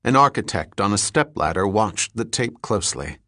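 A man reading an audiobook in a measured, even narration. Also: on the low side, no room sound, clean studio sound. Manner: measured, even reading with terse character dialogue. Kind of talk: scripted narration.

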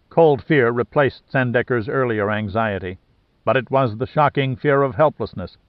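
A man narrating a thriller audiobook in a steady, even reading manner. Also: medium pitch, dry recording. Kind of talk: scripted narration. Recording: dry, slightly dull lo-fi sound.

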